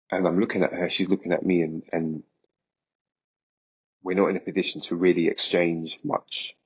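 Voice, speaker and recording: A man, a podcast guest, recounting a story in a vivid, animated way. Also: sits low, normal speed, husky, dull audio. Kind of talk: casual storytelling.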